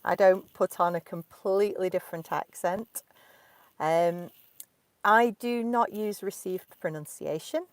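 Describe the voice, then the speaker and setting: Slow, clear woman with a Derbyshire accent. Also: on the low side, no room sound. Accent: Derbyshire English, clearly spoken. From Derbyshire, England. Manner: slow, clear teaching speech. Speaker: English teacher. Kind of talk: live Q&A for English learners. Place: inside a parked car.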